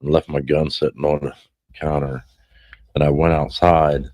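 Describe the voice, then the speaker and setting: A man's voice: rumbling low, little pitch movement, moderate pace, a little mellow, no room sound. A middle-aged man hosting a podcast, telling stories in a rambling, cursing way with lots of restarts. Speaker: podcast host. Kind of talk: casual chat.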